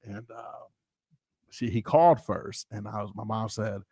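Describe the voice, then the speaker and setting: Storytelling pastor with a dry sound. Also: male voice, on the low side, measured pace, slightly rough, dry recording. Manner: animated, informal, acts out quoted people. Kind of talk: casual storytelling.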